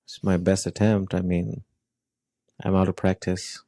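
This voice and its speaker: Low-voiced man in animated football chat. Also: a little slow, no echo. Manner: animated, rambling, with fillers and restarts. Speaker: podcast co-host.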